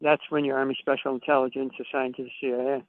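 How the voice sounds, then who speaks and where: A man's voice: mid-range voice, level tone, quick pace, no echo. A man, a podcast guest, tells long profane stories and acts out the dialogue of the people in them. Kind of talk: casual storytelling chat. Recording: tinny phone-like line, dry.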